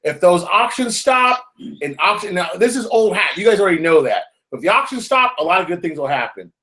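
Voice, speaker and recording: High-voiced man, emphatic host. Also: big pitch swings, pushed and bright. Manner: emphatic, quick to agree. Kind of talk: casual political chat.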